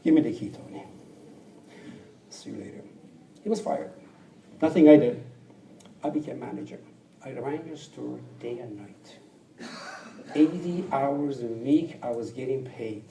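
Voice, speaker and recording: Un hombre con acento extranjero cuenta su historia en una sala amplia. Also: male voice, medium pitch, moderate pace, creaky, pauses often. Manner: animated, acts out quoted people, drops to near whispers. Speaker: speaker telling his life story. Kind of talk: storytelling talk to an audience. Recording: roomy, distant mic with faint background noise.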